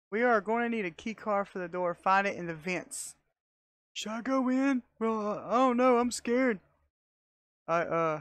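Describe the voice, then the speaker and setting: Excitable woman narrating her gameplay. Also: on the high side, no echo, clean studio sound. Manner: excitable, talks to herself, laughs often. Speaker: gamer. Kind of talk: casual gameplay commentary.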